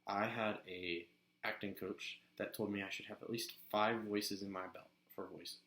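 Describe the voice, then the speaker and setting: A man casually sharing voice acting tips in a relaxed, chatty way. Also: on the low side, normal speed, echoey room, rough recording. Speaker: voice actor giving tips. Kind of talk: casual instructional vlog.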